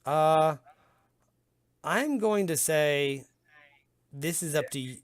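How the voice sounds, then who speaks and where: A man's voice: fairly high pitch, animated, slow pace. A man running a tabletop game as game master, narrating loosely with casual fillers.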